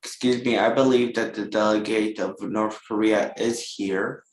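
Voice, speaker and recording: A man organizing an online meeting, giving brisk directions over a video call. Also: lowish voice, steady tone. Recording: roomy mic with faint noise.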